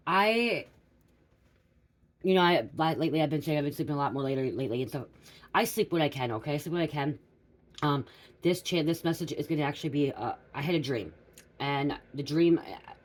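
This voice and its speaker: A woman's voice: deep voice, rough recording. A woman, a psychic reader with school-age daughters, talking casually and rambling through a spiritual reading, often restarting and checking in with "okay?" and "you guys". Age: adult parent of school-age daughters.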